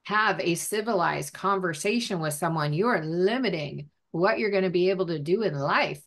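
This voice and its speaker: A woman's voice: medium pitch, fairly bright tone. A woman hosting a podcast interview, talking in an encouraging, outspoken way. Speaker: podcast host. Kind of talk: interview conversation.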